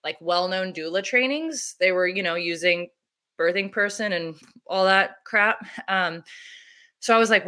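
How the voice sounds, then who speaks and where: A woman doula talking casually in an interview, animated and laughing often as she acts out her own remarks. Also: medium pitch, measured pace. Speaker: doula and activist.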